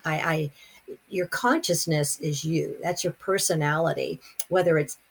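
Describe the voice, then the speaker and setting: A middle-aged woman from California speaks in a low, gravelly voice with a husky edge. She tells her story haltingly, pausing on fillers and restarting her phrases. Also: fairly even intonation. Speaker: guest telling her near-death experience. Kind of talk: personal storytelling in conversation.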